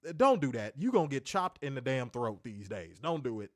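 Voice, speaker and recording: A man's voice: medium pitch, a little fast, dry recording. Slangy guy riffing on wrestling, voice jumps all over, dry close mic. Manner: animated, joking, slangy, mimics others. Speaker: podcast co-host. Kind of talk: casual wrestling chat.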